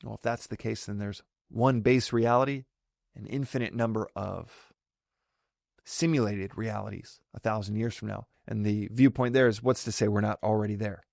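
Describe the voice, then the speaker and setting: A man's voice: lowish voice, fairly even intonation, moderate pace, vocal fry, a little mellow, no room sound, studio quality. A man hosting a solo podcast, explaining ideas in a thoughtful way and often correcting himself mid-sentence. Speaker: podcast host. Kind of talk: solo reflective podcast talk.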